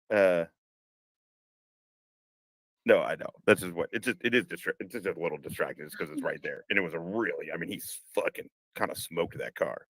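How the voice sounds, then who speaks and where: Low-voiced man, rambling and profane. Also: moderate pace, long pauses, fairly bright tone, no room sound, rough recording. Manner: swears a lot, rambling with restarts. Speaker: podcast host. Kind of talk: casual live-streamed conversation. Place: home room, car parked outside.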